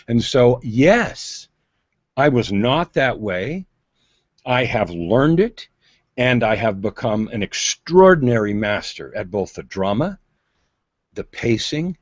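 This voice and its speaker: A man's voice: medium pitch, dry recording. A man being interviewed as an on-camera presence coach, telling stories dramatically over a video call with emphatic shifts in pace. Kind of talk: animated storytelling interview. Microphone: video call mic. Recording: muffled lo-fi video call audio.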